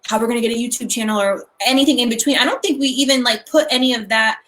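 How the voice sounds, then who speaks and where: A young woman co-hosting a casual live stream chat, gushing and excitable, with lots of "like" fillers. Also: a little high, very fast.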